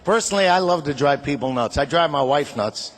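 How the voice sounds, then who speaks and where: A man's voice: a little high, expressive, fairly quick. An older man doing a stand-up comedy routine, firing off punchy one-liners and chuckling at his own jokes. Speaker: comedian and show host.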